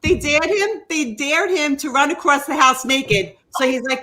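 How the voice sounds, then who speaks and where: A woman's voice: high-pitched, pushed and bright, low-quality recording. A woman guest on a podcast, eagerly jumping in to tell a party story in casual chat. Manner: eager, quick interrupting storyteller. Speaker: podcast guest, firefighter's wife.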